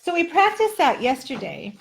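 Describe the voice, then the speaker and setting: A woman's voice: high voice, wildly swooping pitch, moderate pace, gravelly, slight background noise. A woman teaching English pronunciation in a live online lesson, joking between drills and exaggerating sounds to show the difference. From Netherlands-based. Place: home, indoors.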